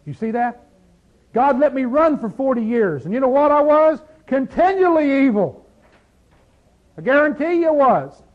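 A man preaching a sermon, swinging between loud emphatic peaks and low quiet asides, full of rhetorical questions. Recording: dull lo-fi sound.

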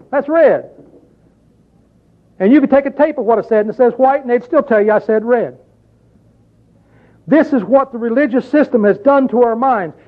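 A man preaching a sermon, reading scripture aloud and asking his listeners pointed rhetorical questions in an emphatic way. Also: high voice. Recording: tinny phone-like recording.

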